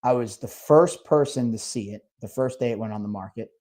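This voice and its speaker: A man in the middle of a podcast tale, rambling from one thought to the next with constant swearing and filler words. His voice sits at a middling, ordinary pitch. It is loose, unscripted talk among friends. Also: a little fast, a little mellow. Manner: rambling, heavy swearing, lots of "like". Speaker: podcast co-host; restaurant owner. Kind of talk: casual storytelling chat.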